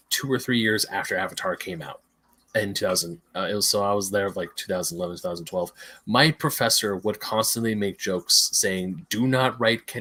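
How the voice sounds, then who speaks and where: Husky bright-voiced man telling stories. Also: on the low side. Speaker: podcast co-host. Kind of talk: casual film discussion.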